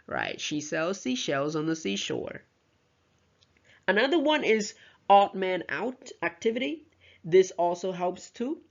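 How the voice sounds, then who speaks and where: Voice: mid-range voice, very animated, measured pace, creaky, highs cut off. A teacher giving a recorded lesson, explaining carefully and modelling example words aloud. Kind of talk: recorded lecture explaining pronunciation.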